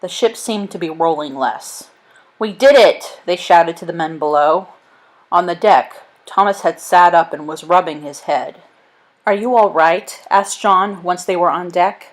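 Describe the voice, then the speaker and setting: A woman narrating a chapter book aloud in a steady, expressive reading voice. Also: lowish voice, moderate pace, low-quality recording. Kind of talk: storybook read-aloud.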